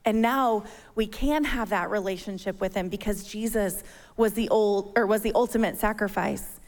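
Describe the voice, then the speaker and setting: A woman's voice: mid-range voice, fairly even intonation, normal speed. A woman in her thirties giving a sermon, telling a personal story and acting out her own panic. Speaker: church speaker. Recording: long hall reverb.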